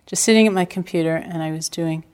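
Low-voiced woman giving a calm meditation talk. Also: fast, smooth. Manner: calm, reflective storytelling with gentle self-deprecating humor. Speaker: meditation teacher. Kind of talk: dharma talk. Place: retreat center hall.

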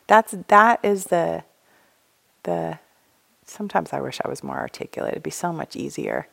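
Gravelly-voiced woman giving a casual dharma talk. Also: deep voice, lively intonation, moderate pace, fairly bright tone. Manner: casual and candid, laughs often, acts out inner thoughts. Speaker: meditation teacher.

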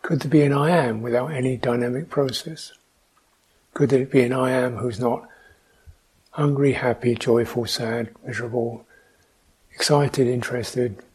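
Husky man giving a slow dharma talk. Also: mid-range voice, steady tone. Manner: slow, reflective, questioning, with soft hums. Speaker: meditation teacher.

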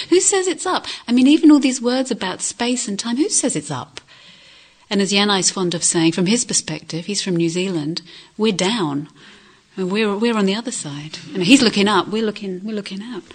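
A woman giving a reflective dharma talk as a meditation teacher, asking questions and often dropping to soft near-whispers. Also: mid-range voice, lively intonation, moderate pace, slightly rough. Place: retreat centre hall.

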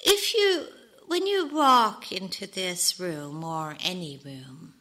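A woman meditation teacher giving a gentle, reflective dharma talk, with soft whispered asides. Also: on the low side, animated, slow, poor audio.

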